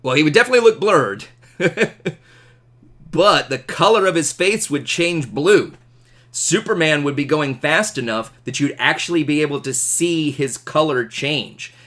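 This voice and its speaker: A man teaching an astronomy class, animated and jokey, asking questions. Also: fairly high pitch, a little slow. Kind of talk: classroom lecture.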